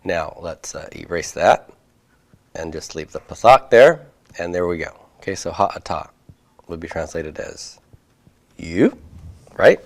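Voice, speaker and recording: A man lectures on Hebrew grammar in a slightly low voice. He speaks slowly and deliberately, with frequent fillers and "okay?" checks as he writes on a board for his students. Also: expressive. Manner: writes on a board while he talks. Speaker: Hebrew teacher. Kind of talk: recorded classroom lecture.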